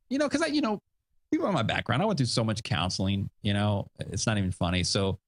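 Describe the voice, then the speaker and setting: A man's voice: mid-range voice, no room sound. A male podcast host chatting casually, rambling with fillers and self-deprecating asides, a father of young kids. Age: adult with young kids. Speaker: show host.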